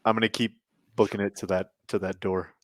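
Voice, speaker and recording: A man playing in a tabletop game who chats casually and laughs often while describing his character's actions. He has a lowish voice, recorded dry and close. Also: little pitch movement, a little fast, dry recording. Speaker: player.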